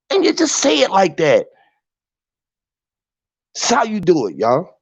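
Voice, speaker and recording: A man's voice: extremely high pitch, big pitch swings, unhurried, pauses often, no room sound. A man hosting a show, delivering a rambling monologue full of profane wordplay, spelling words out letter by letter. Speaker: podcast host. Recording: dull lo-fi, dry.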